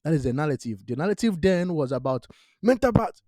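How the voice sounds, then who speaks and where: Very animated and brisk, this man's slightly mellow voice sits on the high side, recorded with no echo. He hosts a crypto channel, giving emphatic, repetitive direct-to-camera investment talk in non-native grammar and checking in with "all right?".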